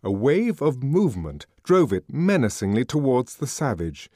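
Brief: male narrator, dramatic reading, pitch swinging wildly, dry close sound. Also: big pitch swings, normal speed, mellow, no room sound. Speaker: audiobook narrator. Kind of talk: scripted narration.

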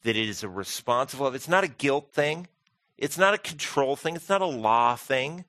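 Animated preacher man, bright voice. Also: mid-range voice, moderate pace, no echo. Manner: animated, acts out quoted voices, humorous asides. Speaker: pastor. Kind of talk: sermon.

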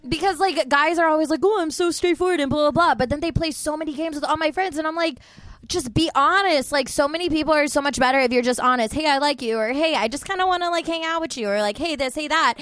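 A woman's voice: high voice, fast talker, hardly any pauses, fairly bright tone, no echo. A young woman co-hosting a talk show, chatty and full of "like" fillers. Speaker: co-host. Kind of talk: casual chat.

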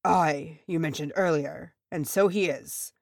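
A woman reading a gentle older dwarf lord. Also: sits low, a little slow, vocal fry, no echo, studio quality. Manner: gentle, steady.

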